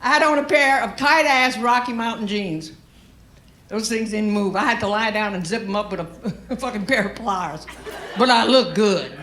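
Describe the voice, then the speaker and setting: A woman's voice: mid-range voice, moderate pace, a bit bright, a little hiss or hum. A middle-aged woman from Louisiana with a Southern accent and a smoky voice, telling brash, profane stories in a stand-up comedy set on a club stage. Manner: brash, profane, storytelling delivery. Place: comedy club stage before a live audience. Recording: echoey club room.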